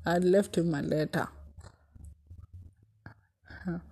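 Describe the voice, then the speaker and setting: A young woman with a Kenyan accent tells a personal heartbreak story, swinging between loud exclamations and hushed asides and slipping in Swahili. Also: on the low side, steady tone, slow pace, breathy edge. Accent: Kenyan English. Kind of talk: emotional storytime vlog.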